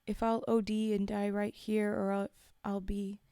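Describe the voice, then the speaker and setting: A desperate teenage girl speaks through held-back tears, begging her father to understand. A woman reads her lines aloud in a soft, mellow tone, recorded close and dry. It sounds like a read-aloud horror story. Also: medium pitch, flat delivery, a little slow, clear, resonant tone, dry recording, natural voice. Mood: pleading, tearful. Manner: pleading, on the verge of tears.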